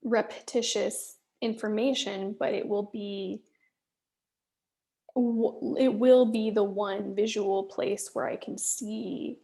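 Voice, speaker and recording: A solo business vlogger records a candid check-in on her own work, angry and stressed, speaking in halting bursts, swearing, and at times sinking into a muttered whisper. Her voice is medium-pitched, warm and gravelly, with fairly even intonation.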